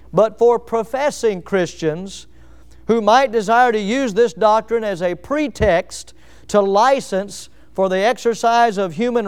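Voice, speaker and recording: A man's voice: high voice, clear, resonant tone. A pastor preaching an emphatic sermon to his congregation, stressing key words and putting questions to the listeners.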